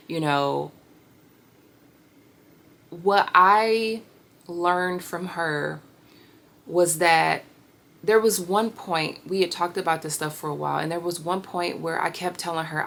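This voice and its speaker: Gravelly low-voiced woman, reflective storytelling. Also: fairly bright tone. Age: 30s. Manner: reflective, with pauses and fillers. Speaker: vlogger sharing a healing story. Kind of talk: candid personal storytelling.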